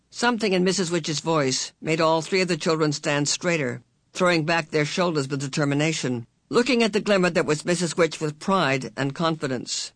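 An audiobook narrator reads a novel with measured, expressive pacing. The delivery is steady between the character voices. The recording is close and dry, with no room sound. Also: medium pitch, gravelly, dry recording. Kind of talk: scripted narration.

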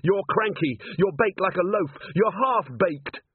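A man's voice: fairly high pitch, very animated, measured pace, slight background noise, pitched above the performer's own voice. A man voicing a bold young woman guard. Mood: taunting. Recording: tinny phone-like sound.

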